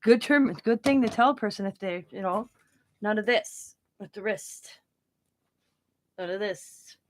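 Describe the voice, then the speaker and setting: A chatty middle-aged woman talking casually as she crafts. She tells rambling stories and laughs often, with a pitch that sits in the middle for a woman. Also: unhurried, background noise. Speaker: crafting channel host. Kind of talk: casual chat while crafting.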